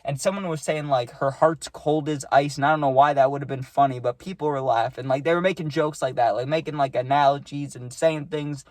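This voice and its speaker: Young male vlogger, casual and animated, lots of fillers, dry close sound. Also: medium pitch, fast talker, hardly any pauses, no room sound. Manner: animated, rambling, with many likes and rights. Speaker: storytime vlogger. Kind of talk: casual storytelling.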